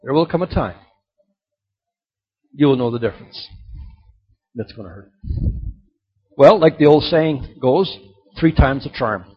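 A man preaching a sermon, telling stories and swinging between loud emphasis and soft, quiet drops. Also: on the high side, animated, a little slow, long pauses, breathy edge. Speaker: pastor. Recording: dull lo-fi recording.

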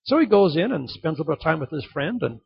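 A male pastor preaches a sermon in a high, husky voice, telling stories and repeating his key lines for emphasis. He's fast and sing-song, and the recording sounds dull and lo-fi.

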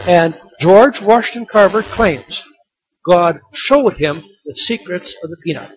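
A man's voice: high voice, animated, normal speed, highs cut off, slight background noise. A man in his sixties preaching a sermon, firing rhetorical questions and building to emphatic peaks. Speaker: pastor.

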